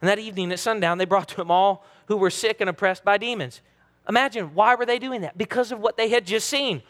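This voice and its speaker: High-voiced preacher in an echoing hall. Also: male voice, fast talker, fairly bright tone. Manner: earnest, emphatic preaching with dramatic quoted voices. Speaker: pastor. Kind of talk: sermon. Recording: long reverb of a large hall.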